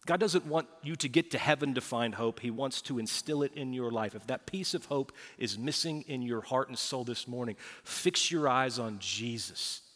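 Bright-voiced male pastor preaching live. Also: medium pitch, normal speed, few pauses. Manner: animated preaching, acts out quoted dialogue. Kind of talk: sermon. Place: large church auditorium. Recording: live church hall reverb.

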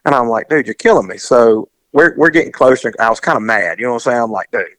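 Man, middle-aged, rambling animated storyteller, dry close sound. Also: mid-range voice, fast, no room sound, rough recording. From US South. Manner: rambling, animated, acts out quoted voices. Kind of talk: casual storytelling.

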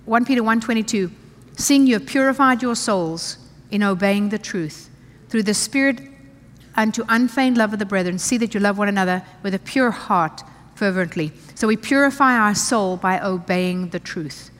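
A woman preaching a sermon in a large church hall, her voice trailing off into a long reverb. She reads scripture aloud and drives points home by repeating them. Her pitch sits in a middle range for a woman. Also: normal speed. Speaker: pastor.

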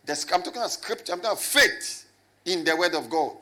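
A man preaching a lively sermon as a pastor, swinging from loud shouts to low asides and calling on the congregation to answer. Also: quick pace. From Ghana. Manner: animated, rising to shouts and dropping low, with call and response.

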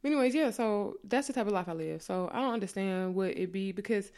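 A woman talking in a casual chat, telling animated, profane stories and acting out other people's lines in a raised voice. Her voice sits at a middle pitch for a woman. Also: fast talker, clean tone.

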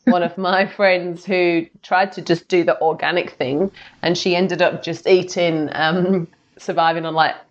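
Chatty lower-voiced woman host, lo-fi. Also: fairly even intonation, a little slow, hardly any pauses. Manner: chatty, enthusiastic, many fillers. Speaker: podcast host. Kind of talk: casual interview chat. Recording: slightly dull lo-fi audio.

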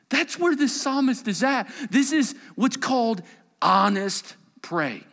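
A man preaching a sermon, dropping to hushed whispers and rising to loud, pleading bursts. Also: very high-pitched, expressive, slow, in a large hall. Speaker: pastor.

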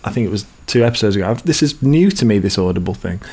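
A man co-hosting a casual podcast chat, speaking in a dry, measured, wry way. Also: fairly low pitch, animated, darkish tone, breathy edge. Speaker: podcast co-host.

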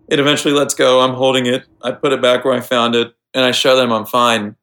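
A man's voice: medium pitch, steady tone, a little fast, a bit bright. An American man telling a rambling story in casual chat, full of fillers and restarts. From United States.

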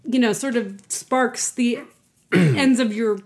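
A woman's voice: fairly high pitch, takes it slowly. Female co-host, casual film talk, hesitant, thinks aloud mid-sentence. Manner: hesitant, many fillers and restarts, thinking aloud.

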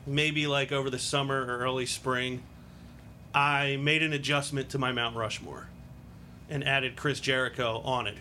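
A man hosting a casual wrestling podcast, chatty and quick to laugh. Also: mid-range voice, sharp tone, slight background noise. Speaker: podcast host.

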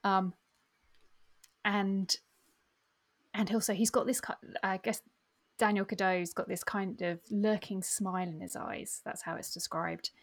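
A woman's voice: medium pitch, fairly even intonation, measured pace. A woman co-hosting a book podcast, chatting casually and sharing opinions with lots of tag questions. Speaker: podcast co-host.

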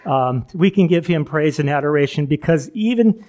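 A man's voice: fairly high pitch, expressive, normal speed, warm tone. A middle-aged male pastor giving a chatty sermon, full of asides, laughing at himself and restarting sentences.

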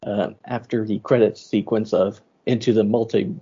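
A man hosts a podcast in loose, joking chat and laughs easily. His voice is dark and husky. The audio is dull and lo-fi. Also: lowish voice, level tone, moderate pace. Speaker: podcast host. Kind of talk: casual chat.

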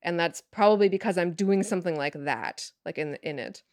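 A woman writer chatting as a podcast guest, thinking out loud with lots of fillers and restarts. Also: fairly low pitch, brisk, dry recording, clean studio sound. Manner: rambling, filler-heavy, thinks aloud. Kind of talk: casual interview chat.

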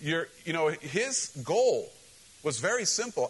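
A pastor preaching a sermon to his church, animated and direct, acting out quoted voices and calling questions to the congregation. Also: a little high, brisk, slightly rough, poor audio.

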